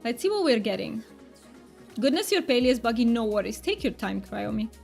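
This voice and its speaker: A woman's voice: on the high side, big pitch swings, a little fast, vocal fry, a little mellow, soft background music. A woman streamer chatting casually during a livestream, talking with her chat viewers as she plays. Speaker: game streamer.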